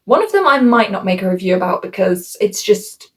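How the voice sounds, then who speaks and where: A woman's voice: mid-range voice, a little fast. Chatty rambling young-sounding woman reviewer. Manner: chatty, rambling, self-mocking; animated voice shifts for quoted asides. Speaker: book reviewer. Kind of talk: casual vlog review.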